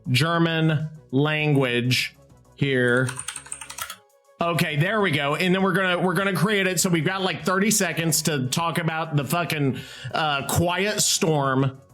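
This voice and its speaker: A man hosting his own show in a casual, rambling way, excitable and swearing freely. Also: on the high side, measured pace, soft background music. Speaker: host. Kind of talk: casual talk while using AI tools.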